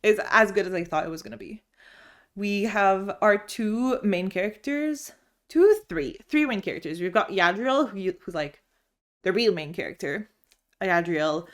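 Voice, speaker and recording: A woman's voice: mid-range voice, expressive, normal speed. A young woman reviewing her monthly reading in a casual vlog, gushing and chatty, often restarting her sentences. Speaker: book vlogger. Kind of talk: casual book review chat. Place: home room lit by sun.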